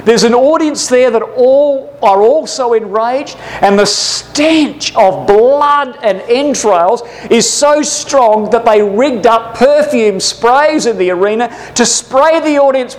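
Male Bible class preacher, high-pitched, fervent, heavy on rhetorical questions. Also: takes it slowly, hardly any pauses, rough recording. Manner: addresses listeners as brothers and sisters.

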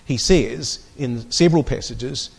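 A man's voice: medium pitch, a little slow, creaky, husky. A man teaching a Bible class, reading scripture aloud with strong emphasis and putting questions to the group.

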